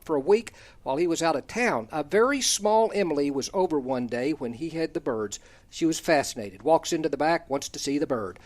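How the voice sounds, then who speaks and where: An older man hosting a talk show, reading out a folksy, humorous story about kids and chuckling at his own jokes. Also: fairly high pitch. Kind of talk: reading a personal column aloud, then casual chat.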